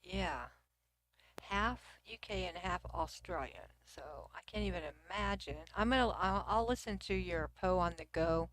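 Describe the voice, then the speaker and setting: With a fairly bright, mid-range voice at normal speed, a middle-aged Texan woman chats casually on her livestream, reading viewer comments at her computer. Her Texan accent comes through, she sometimes drops to a near whisper, and there's slight background noise.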